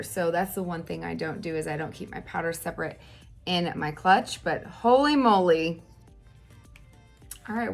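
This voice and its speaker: Chatty woman, low voice, faint music. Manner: chatty and animated, with fillers and exclamations. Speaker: makeup vlogger. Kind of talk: casual tutorial chat. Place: home.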